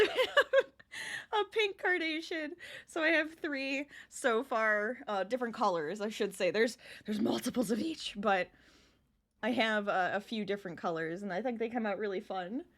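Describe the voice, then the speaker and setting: A woman's voice: mid-range voice, a bit bright. Young woman crochet streamer, chatty and giggly, talking to chat from home. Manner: chatty, laughs often, talks to chat. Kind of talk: casual live-stream chat.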